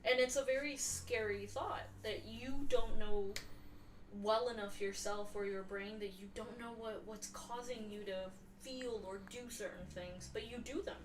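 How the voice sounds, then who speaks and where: A woman's voice: fairly high pitch, fairly even intonation, measured pace. Woman, hesitant casual talk, distant mic, echoey room, background noise. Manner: hesitant, restarting. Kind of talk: casual chat.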